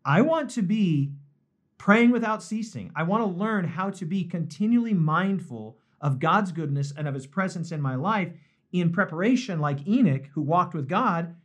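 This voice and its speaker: A man's voice: sits high, animated, normal speed, a bit bright. Earnest, reflective male pastor. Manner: earnest, reflective, emphatic repetitions. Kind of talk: live devotional discussion. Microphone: streamed live online.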